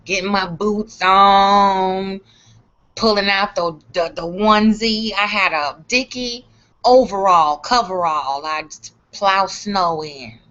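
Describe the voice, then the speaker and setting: Profane, animated woman storyteller. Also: medium pitch, slow pace. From Chicago. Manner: profane, animated, acts out other people's lines. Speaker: vlogger. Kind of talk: casual storytelling rant. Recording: dull lo-fi sound.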